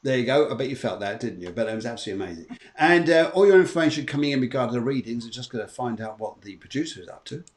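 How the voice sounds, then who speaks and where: A man's voice: mid-range voice, animated, very fast, few pauses, faint music behind. A man hosting a live streamed show as a medium, chatting and greeting viewers by name in a casual way. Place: home in Spain.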